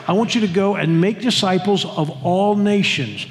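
A man with a high, bright-sitting voice delivers a Sunday sermon. He talks emphatically, restarting phrases and hammering words through repetition. The sound carries the long, echoing reverb of a church sanctuary. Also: moderate pace, few pauses. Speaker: pastor.

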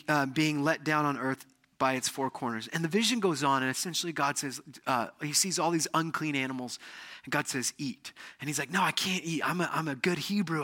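A man preaching a sermon with a bright, forceful voice set a little high. He tells stories with lots of animation and acts out the people in them. He sounds like a middle-aged pastor speaking in church. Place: church sanctuary.

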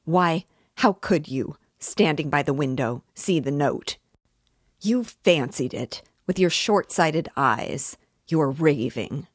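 A man's voice: on the high side, animated, slow pace, dry recording, studio quality. A woman reading aloud as a pompous man who stammers, squeals and answers impudently when accused. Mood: defensive, sneering. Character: pompous, cornered middle-aged man, sneering.

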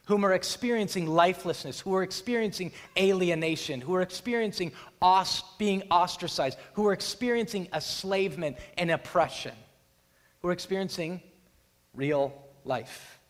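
Male pastor, dramatic sermon delivery, acts out voices, lively high pitch, long hall reverb. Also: moderate pace. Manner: dramatic storytelling, acts out voices, builds to loud peaks.

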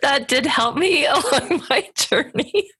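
A woman co-hosting an interview, speaking in an emotional, expressive way. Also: sits high, takes it slowly, background noise. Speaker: co-host. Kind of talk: casual interview chat.

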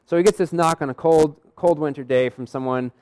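A man's voice: on the high side, brisk, darkish tone, clean tone. Man preaching in a conversational, storytelling way. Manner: conversational, acts out quoted dialogue. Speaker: pastor. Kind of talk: sermon storytelling.

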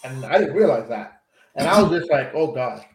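A man's voice: medium pitch, a little fast, slight background noise. A man co-hosting a casual podcast chat, telling a story with lots of swearing. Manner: animated storyteller, swears freely. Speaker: co-host. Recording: echoey room.

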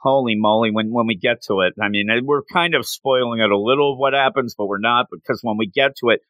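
A man's voice: mid-range voice, fast talker, dry recording, lo-fi sound. A man in casual chat, animatedly retelling a story and jumping his voice up when quoting characters.

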